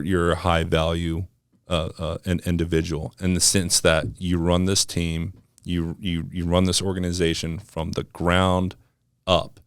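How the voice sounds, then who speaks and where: Deep-voiced relaxed male podcast host. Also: clean tone, dry recording, clean studio sound. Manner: relaxed, rambling, lots of fillers and restarts. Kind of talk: casual interview conversation.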